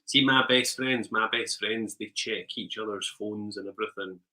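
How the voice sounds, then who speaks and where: A man's voice: on the low side, steady tone, normal speed, pushed and bright, low-quality recording. A man co-hosting a casual chat, telling rambling stories with frequent laughs and ums. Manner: rambling storyteller, laughs often, trails off with ums. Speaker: podcast co-host.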